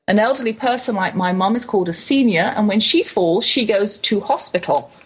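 An English woman hosting a show, reading out a prepared piece with a crisp, wry delivery. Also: medium pitch. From England. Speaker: podcast host.

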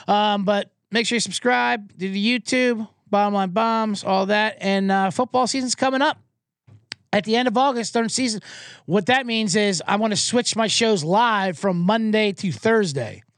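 A man's voice: high-pitched, normal speed, dry recording, studio quality. A man hosting a sports show, rambling through a casual, profane monologue. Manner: rambling and profane, with animated impressions.

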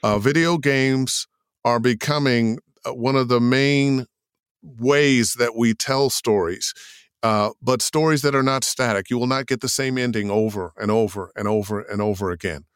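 An older man talks about his career as a voice actor with a smooth, resonant voice. He tells it like a storyteller, slipping into quoted voices. The sound is close and dry. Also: mid-range voice, moderate pace, no echo. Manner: animated storyteller, acts out quotes in put-on voices. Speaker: voice actor guest. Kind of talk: interview answers.

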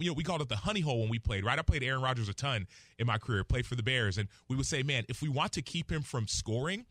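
A man in his thirties, a football analyst, giving lively, playful sports talk on radio. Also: medium pitch, quick pace, no echo. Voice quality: animated, playful, breaks into a mock accent and laughs. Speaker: NFL analyst guest.

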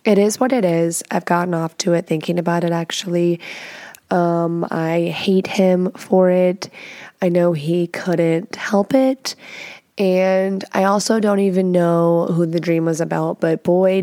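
A woman podcast host telling a story in casual, confessional chat. She talks frankly and profanely, in an animated way, and laughs often. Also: fairly low pitch, slow pace, dry recording, studio quality.

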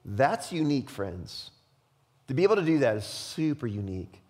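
Male pastor, mid-pitched, emphatic sermon with quiet intense passages, long church reverb. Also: sing-song, normal speed. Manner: emphatic, often dropping to a quiet, intense hush.

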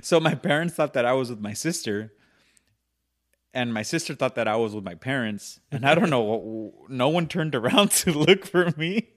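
A man's voice: medium pitch, lively intonation, normal speed. A man co-hosting a podcast, telling a childhood story in casual chat, acting out voices and laughing often. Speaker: podcast co-host.

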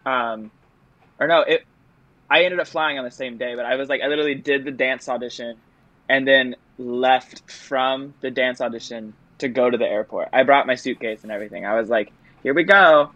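A man's voice: medium pitch, steady tone, moderate pace, fairly bright tone, no echo, muffled recording. Chatty young man, dry close sound. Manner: chatty and self-deprecating, full of fillers and laughs. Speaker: stage actor telling about an audition. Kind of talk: casual interview storytelling.

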